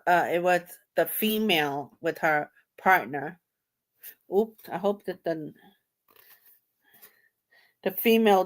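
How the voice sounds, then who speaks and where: A woman hosting a tarot video, reacting to a clip and thinking aloud in halting, repetitive phrases with loose grammar. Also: on the low side. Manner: halting, repeats herself, broken grammar. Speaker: tarot reader host. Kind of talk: casual thinking-aloud commentary.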